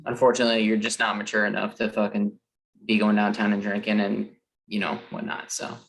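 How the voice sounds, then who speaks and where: A man's voice: lowish voice, monotone, a little fast, gravelly, rough recording. A man co-hosting a podcast, giving laid-back, frank advice with some swearing. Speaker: podcast co-host. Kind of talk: casual chat.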